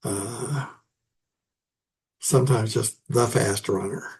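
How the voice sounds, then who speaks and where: Slow, gravelly man lecturing on poetry. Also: fairly low pitch, steady tone, darkish tone. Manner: halting, many fillers and restarts, chuckles at his own asides. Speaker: literature teacher.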